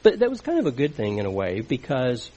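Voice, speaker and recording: A man's voice: medium pitch, huge pitch swings, brisk, warm tone, lo-fi sound, slight background noise. A middle-aged man preaching a sermon in an earnest, conversational teaching manner.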